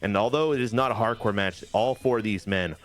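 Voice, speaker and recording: A man casually recapping wrestling matches from a video game, in an animated, jokey play-by-play way. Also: fairly low pitch, brisk, faint music behind. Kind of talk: casual gaming chat.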